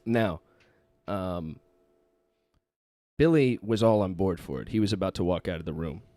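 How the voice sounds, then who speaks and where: A man's voice: low voice, animated, normal speed, warm tone, dry recording. A man, a podcast guest, telling a rambling story in casual chat.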